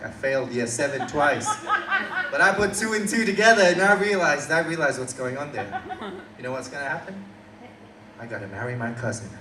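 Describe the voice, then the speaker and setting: A man's voice: mid-range voice, very noisy. A young man with an Australian accent performing a stand-up comedy set, telling a story with crowd work. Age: young adult. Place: small coffee shop venue, indoors. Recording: roomy, distant live room recording. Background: room ambience and audience laughter.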